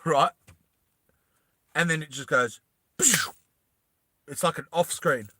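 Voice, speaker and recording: Bright-voiced man rambling through a story. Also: fairly high pitch, takes it slowly, no room sound, clean studio sound. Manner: animated, laughing, rambling. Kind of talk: casual storytime retelling.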